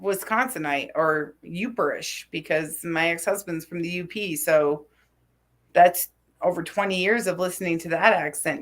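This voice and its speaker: A woman's voice: fairly low pitch, normal speed. A woman in her forties from New Mexico, co-hosting a casual chat show and telling rambling, tangent-filled stories. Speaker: co-host.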